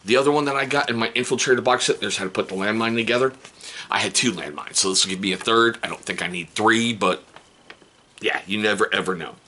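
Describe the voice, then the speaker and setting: A man's voice: on the low side, fast, bright, forceful tone, a little hiss or hum. A man in his forties hosting a casual hobby unboxing vlog, chatty, joking and encouraging. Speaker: hobby channel host.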